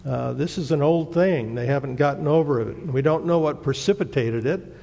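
A man teaching a Bible lesson in a plain, halting way, often pausing on "uh" as he explains a scripture passage. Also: a little high, vocal fry, dark tone. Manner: plain, hesitant teaching with many "uh" fillers. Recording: long hall reverb.

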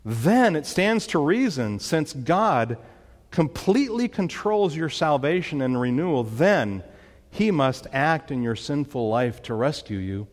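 A man's voice: a little high, sing-song, a little slow, big-room sound. A man preaching a sermon, emphatic, with dramatic rises when he quotes commands. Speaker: pastor.

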